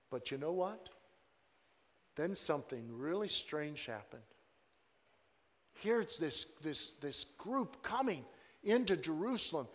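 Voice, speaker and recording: Male pastor, high voice, slow deliberate sermon delivery, dramatic swings from hush to shout, reverberant hall. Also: very animated.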